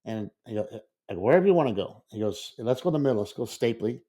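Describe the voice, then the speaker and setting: Animated and fast, a middle-aged man with a warm, mid-range voice spins a meandering tale on a casual podcast where he's co-host. He acts out the quotes and tends to repeat words.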